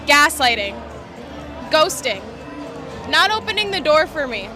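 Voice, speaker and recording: A woman's voice: high voice, very animated, measured pace, over music, crowd noise. A woman in her twenties, answering a street interviewer and listing her opinions matter-of-factly. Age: 20s.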